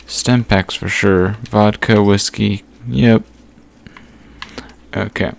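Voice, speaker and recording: A man giving casual gameplay commentary, thinking aloud as he sorts through items with frequent pauses and fillers. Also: lowish voice, steady tone, vocal fry. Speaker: gaming channel host.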